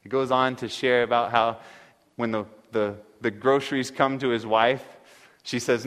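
A man's voice: medium pitch, fairly even intonation, moderate pace, a bit bright. Man telling a sermon story in a reverberant hall. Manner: earnest, reads a story aloud. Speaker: preacher.

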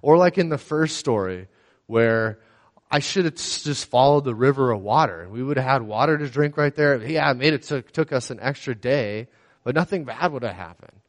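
A young man tells a personal faith testimony in a loose, rambling way, full of ums and likes. His mid-pitched voice rings out with a long hall reverb. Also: lively intonation, moderate pace. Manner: rambling storytelling with many fillers. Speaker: speaker sharing a faith testimony.

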